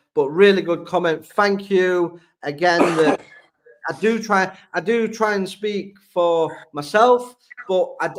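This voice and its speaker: A man with a Sheffield accent hosting a live fan stream, reading out viewer comments and answering them in a blunt, chatty way. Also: on the high side. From England. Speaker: fan channel host.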